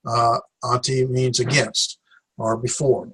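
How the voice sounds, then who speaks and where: A man teaching a Greek class in a classroom lecture, halting with many fillers as he sounds out syllables slowly. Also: mid-range voice, fairly bright tone.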